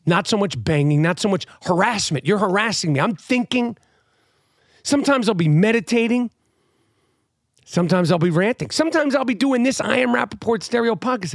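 A middle-aged man ranting loudly and profanely, switching between yelling and muttering, like a comedian talking straight to camera. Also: high voice, moderate pace, long pauses, no room sound, studio quality. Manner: animated, loud, profane, swings between shouting and muttering. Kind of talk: profane comic rant.

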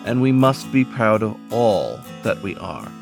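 A man's voice: fairly low pitch, very animated, measured pace, creaky, faint music behind. A man hosting a story podcast, giving an earnest, solemn scripted introduction. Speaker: podcast host.

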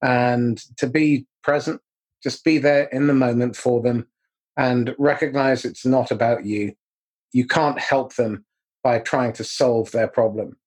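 A male podcast host with a husky, slightly rough voice speaks in an earnest, friendly way. He laughs easily and closes the show with a sign-off. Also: mid-range voice, a little mellow. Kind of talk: casual interview chat.

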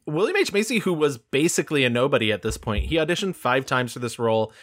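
A man's voice: medium pitch, big pitch swings, fairly bright tone. A man co-hosting a film podcast, chatting casually and eagerly sharing movie trivia. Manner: enthusiastic, quick trivia telling. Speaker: podcast co-host. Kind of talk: casual chat.

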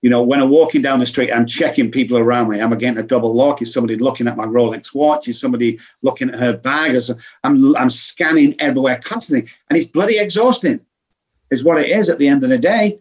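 A man's voice: mid-range voice, quick pace, breathy edge. A man, a guest in an interview, explaining alcohol recovery earnestly and acting out quoted voices. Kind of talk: conversational interview.

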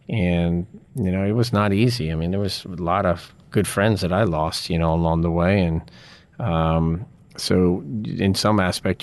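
A man's voice: low-pitched, no room sound. A middle-aged man, a former college soccer player, talking earnestly in an interview and leaning on "you know" as he reflects. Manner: earnest, drawn-out, filler-heavy with frequent "you know".

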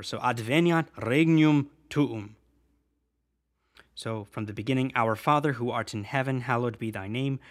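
A man teaching a prayer line by line, repeating each phrase slowly and patiently for the listener to say back. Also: medium pitch. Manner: patient, repeats and drills words aloud; slows to spell out the words.

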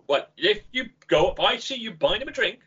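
Lively, bright-voiced man, husky edge. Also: sits high, brisk. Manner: animated storyteller, laughs while telling anecdotes. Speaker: game company founder, podcast guest. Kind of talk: casual podcast conversation. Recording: dull lo-fi podcast audio.

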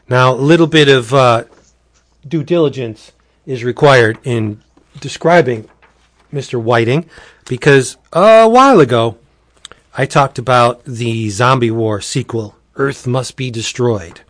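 A man's voice: mid-range voice, unhurried, a bit bright, no echo, studio quality. A man from Pennsylvania co-hosting a casual podcast chat at home, jokey and prone to stumbling over his words. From Pennsylvania, USA. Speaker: podcast co-host. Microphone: home recording setup.

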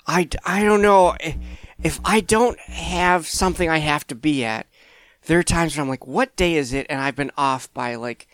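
A man's voice: a little high, normal speed, fairly bright tone, no room sound. A man in his thirties, a stand-up comedian appearing as a podcast guest, telling stories in an easygoing, thoughtful way. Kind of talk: casual conversation.

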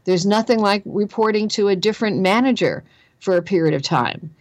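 A woman's voice: mid-range voice, expressive, fairly quick, no echo. Earnest woman with a Jersey accent. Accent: New Jersey. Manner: earnest, emphatic, repeats phrases for stress. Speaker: guest author on careers. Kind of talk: conversational interview.

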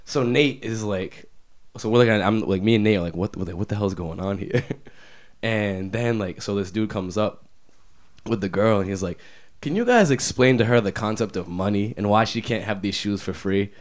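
A man's voice: on the low side, moderate pace. A young man telling a story from his retail job in casual chat, rambling and leaning on filler words. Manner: rambling, heavy use of "like", restarts.

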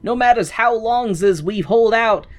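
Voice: mid-range voice, a little slow, voice pushed up, close to an everyday voice. A podcast host voicing a young newsboy leader who adds extra S's to his words. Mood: mock earnest.

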